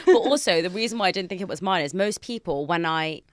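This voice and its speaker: A woman hosting a podcast, chatting casually and gushing warmly with her guest. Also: lowish voice, animated, fast talker, dry recording. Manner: gushing, emotional, laughs easily. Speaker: podcast host. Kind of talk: casual interview chat.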